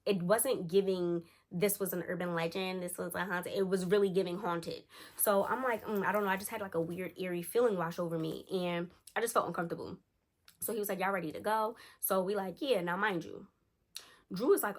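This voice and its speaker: A young woman vlogger telling a spooky storytime to her viewers in a casual, slangy, animated way. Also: medium pitch, fairly quick. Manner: animated, slangy, addresses listeners as y'all.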